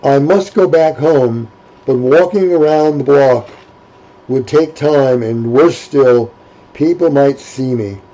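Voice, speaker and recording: A man's voice: mid-range voice, slow pace, mellow, close to an everyday voice, rough recording. A man voicing a proud, defiant young woman. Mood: dignified, mortified.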